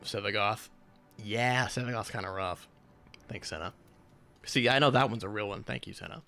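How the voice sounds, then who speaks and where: A man's voice: fairly low pitch, moderate pace, gravelly, pushed and bright, faint music behind. A young man chatting casually with his stream chat while gaming, rambling, sarcastic and swearing a lot.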